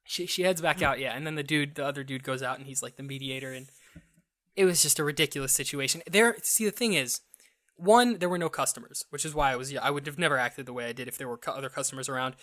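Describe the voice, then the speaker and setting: A young man co-hosting a podcast, telling a story in a casual, animated way and acting out the other people's lines. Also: medium pitch. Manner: animated, acts out quoted dialogue; restarts and fillers, quick asides. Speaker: podcast co-host.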